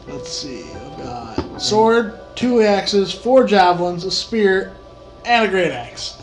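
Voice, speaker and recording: A man's voice: high-pitched, expressive, slow. A man playing a tabletop game, speaking in a matter-of-fact, dry way. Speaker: player. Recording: echoey room with faint music.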